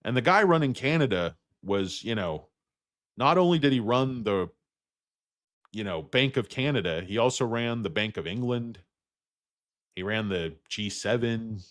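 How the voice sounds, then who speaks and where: A man hosting a stock market livestream, ranting bluntly and profanely while answering chat, with loud outbursts and low muttered asides. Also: no room sound, studio quality.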